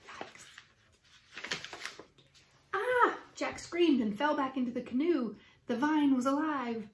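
Woman, children's book read-aloud, expressive, fairly high voice, echoey room. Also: moderate pace, slight background noise. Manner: lively, expressive storytelling. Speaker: teacher reading aloud. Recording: roomy echo.

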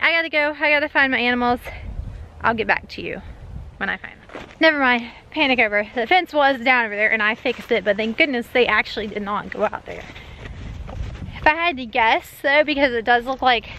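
A woman's voice: on the high side, muffled recording, a little hiss or hum. A woman with a Southern US accent vlogging outdoors on her farm, chatty and out of breath from walking. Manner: chatty, calling out loudly for animals. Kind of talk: casual vlog walking the farm.

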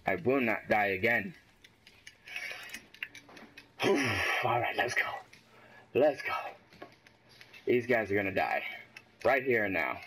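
Excitable man trash-talking over gameplay. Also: fairly low pitch, slow pace, pauses often, slight background noise. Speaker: gaming commentator. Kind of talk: casual gameplay commentary.

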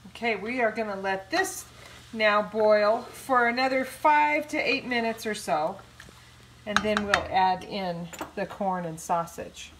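A woman's voice: medium pitch, unhurried, noisy background. A woman hosting a home cooking show, talking in a chatty, folksy way as she walks through each step. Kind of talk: casual cooking demonstration. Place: home kitchen. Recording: echoey kitchen, mic a bit far off.

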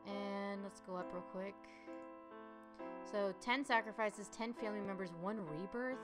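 Slow-talking woman narrating a game. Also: mid-range voice. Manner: chatty, reacting aloud with frequent gasps and exclamations. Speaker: voice-over artist playing a puzzle game. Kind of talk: let's-play commentary. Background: game music.

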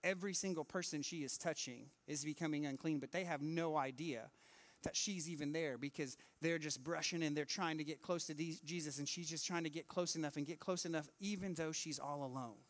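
A man preaching a sermon in church, lively and acting out the people in his stories. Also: on the high side, a little fast. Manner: animated, acts out quoted voices. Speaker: pastor.

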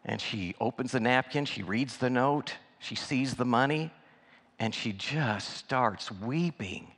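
A man giving a sermon as a guest speaker, telling a story and acting out the dialogue in an animated way. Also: medium pitch, takes it slowly. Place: church sanctuary. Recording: long church hall reverb.

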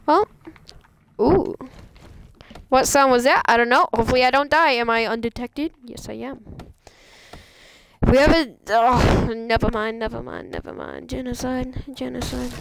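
Woman, high voice, excitable game streamer, goofy, laughs a lot, faint hiss behind. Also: gravelly. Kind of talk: live gameplay commentary.

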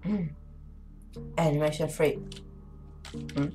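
A woman with a low voice speaks slowly over faint background music. She's playing a horror game and chatting casually with her viewers, jumpy and easily startled, laughing nervously.

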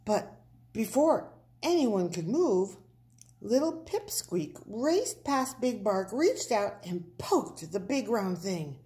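A woman reads a children's picture book aloud at a very slow, deliberate pace. Her voice leaps and dips with lively expression, playing up every sound effect. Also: mid-range voice. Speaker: storybook reader.

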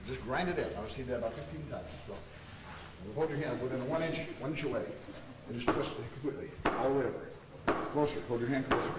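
A man's voice: medium pitch, quick pace. Guy teaching a martial arts class, talking and showing moves, far from the mic, noisy background. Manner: instructive, demonstrating while coaching students. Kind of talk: hands-on teaching demonstration. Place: training hall at a seminar. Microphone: camera mic from a distance. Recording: echoey hall from far off, noisy.

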